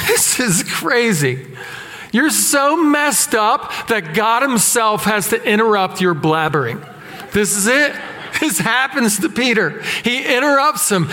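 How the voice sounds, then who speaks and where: A man preaching with a high, bright, forceful voice. He tells self-deprecating stories in a lively, animated way. His voice carries a long reverb from a large hall. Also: slow, a little hiss or hum. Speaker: pastor. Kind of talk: sermon with personal stories.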